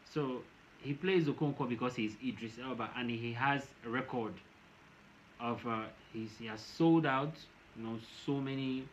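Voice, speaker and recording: A Nigerian man vlogs casual commentary to camera, rambling and often repeating or restarting phrases. His voice is mid-range at a moderate pace, and the recording is dull and lo-fi with faint noise.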